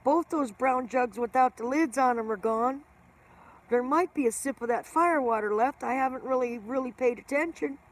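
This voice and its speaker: A middle-aged woman hosts a casual livestream, greeting viewers by name and rambling from one story to the next. Her voice is high and her pace moderate.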